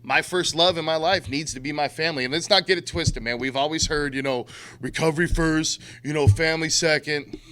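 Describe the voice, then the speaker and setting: A middle-aged man with a fairly high, fairly bright voice talks fairly quickly. He's giving a blunt, profane talk to a recovery group, full of street slang and acted-out quotes.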